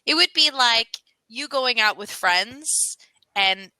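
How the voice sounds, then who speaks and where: Bright, chatty American woman tutor. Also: on the high side, lively intonation, slow pace, clear, resonant tone, no echo, low-quality recording. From United States. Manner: chatty, laughs often, gives suggestions. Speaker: online English tutor. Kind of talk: casual conversation lesson.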